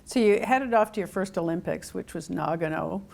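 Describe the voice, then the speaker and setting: A woman's voice: on the low side, fairly quick, creaky, darkish tone. Playful woman interviewer. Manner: playful, teasing questions. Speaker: interview host. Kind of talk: conversational interview.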